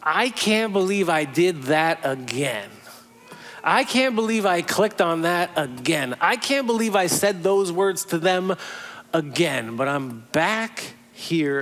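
A man's voice: fairly high pitch, expressive, slow, fairly bright tone. A male pastor preaching a sermon in a conversational storytelling way, full of imaginative asides.

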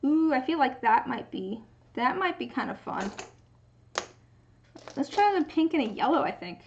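Young woman streamer, high voice, casual rambling crafting chat, slightly dull lo-fi mic. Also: very animated, moderate pace, slight background noise. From United States. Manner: rambling, musing aloud, reading chat. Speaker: livestreamer.

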